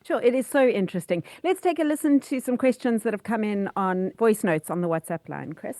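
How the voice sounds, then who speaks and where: A woman's voice: mid-range voice, expressive, a little fast, mellow, no room sound. A woman co-hosting a science podcast, chatting and putting listener questions to her co-host. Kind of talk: casual chat.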